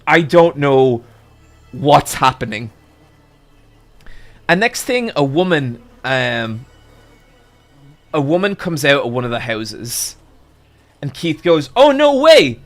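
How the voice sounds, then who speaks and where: Male streamer, casual storyteller, slightly high voice, swears freely, excitable.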